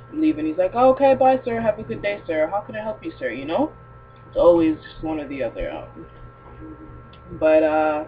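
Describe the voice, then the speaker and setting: A young woman tells stories to camera for her vlog in a casual, profane, animated way, full of fillers and slang. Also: deep voice, highs cut off, slight background noise. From Toronto, Canada. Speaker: vlogger.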